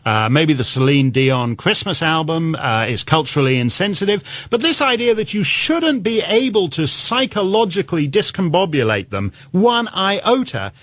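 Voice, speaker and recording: A man guest-hosting talk radio, delivering rambling, mocking commentary. His voice sits high and swings widely as he gets carried away. The sound is dry and close, with no room around it. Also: big pitch swings, normal speed, few pauses, a bit bright, no echo. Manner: rambling and mocking, breaks into laughter, puts on silly voices for quotes.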